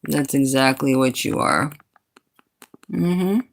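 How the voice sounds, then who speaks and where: A woman from New England with a low, sultry voice chats casually on a livestream. She is sassy and answers her chat's comments directly. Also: slow, vocal fry. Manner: sassy, talks back to chat comments. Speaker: livestream host.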